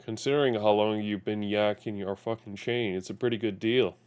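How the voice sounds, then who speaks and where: A man reading out a sneering gangster, low-voiced. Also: fairly even intonation, fairly quick, darkish tone, smooth, natural voice. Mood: taunting. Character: menacing male gangster extorting a chef.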